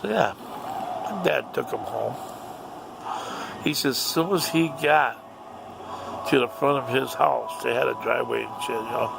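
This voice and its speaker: A man's voice: medium pitch, a little slow, creaky, pauses often, noisy background. A man casually telling a family story, rambling and heavily profane.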